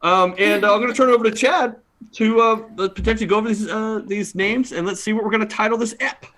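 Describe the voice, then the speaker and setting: A man's voice: high voice, steady tone, fast, fairly bright tone. A man, an improv performer, closing out a live comedy stream with playful, chatty, self-deprecating talk. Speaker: improv performer wrapping up the show. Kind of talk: casual closing chat.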